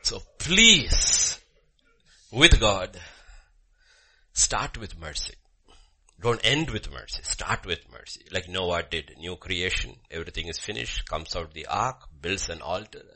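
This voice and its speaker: A man preaching a sermon with a personal story, swinging from loud emphasis to hushed murmurs. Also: low-pitched, lively intonation, normal speed, vocal fry, breathy edge. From Bhutan.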